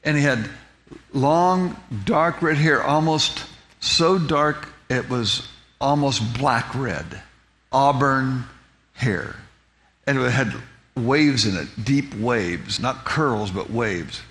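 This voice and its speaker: A man gives a personal testimony as a story, lingering on vivid details and restarting and repeating words often. His voice is medium-pitched, slow and a bit bright, with a little hiss or hum in the audio.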